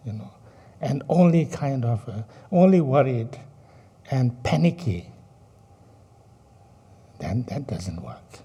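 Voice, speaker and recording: Man giving a dharma talk, real slow, super dark and husky voice. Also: medium pitch, big pitch swings. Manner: slow, halting, many fillers and rhetorical questions. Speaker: Buddhist teacher. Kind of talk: dharma teaching.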